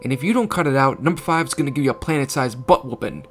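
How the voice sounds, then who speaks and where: A man voicing a tough, sassy young girl in a fan story, his voice raised in pitch. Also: fast, a little hiss or hum, lightly acted.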